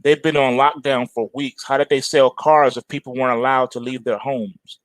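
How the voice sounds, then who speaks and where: A man hosting a casual stock market show, ranting in animated, slangy asides. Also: medium pitch, moderate pace, no echo.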